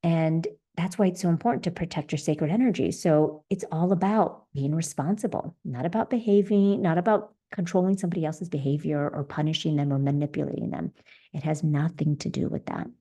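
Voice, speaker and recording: A woman's voice: sits low, fairly quick, dark tone. A middle-aged woman hosting a solo podcast as a leadership coach, talking earnestly and encouragingly with everyday examples.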